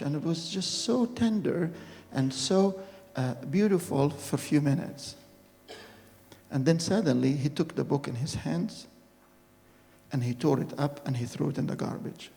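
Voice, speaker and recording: A man preaching a personal testimony sermon, telling his story in an earnest, halting way and re-enacting moments dramatically. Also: on the high side, expressive, gravelly, mellow. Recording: reverberant hall with faint music.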